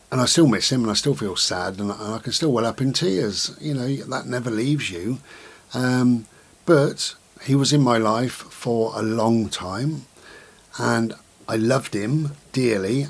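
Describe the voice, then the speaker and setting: A middle-aged man, talking slowly and gently to the camera in a reflective vlog, with many pauses and repetitions. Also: fairly low pitch. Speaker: vlogger.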